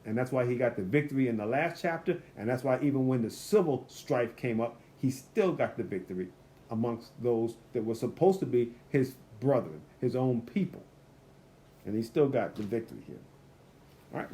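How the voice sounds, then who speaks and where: A man leading a Bible study commentary in a conversational way, reading scripture slowly and acting out quotes in little voices. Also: mid-range voice, expressive, dark tone. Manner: reads scripture slowly and deliberately. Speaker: Bible teacher.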